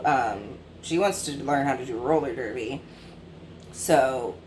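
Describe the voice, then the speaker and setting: A woman's voice: deep voice, slight background noise. A woman in her twenties chatting casually about books she has read, rambling with many fillers and self-corrections. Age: 20s. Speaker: book vlogger. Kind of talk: casual book review chat.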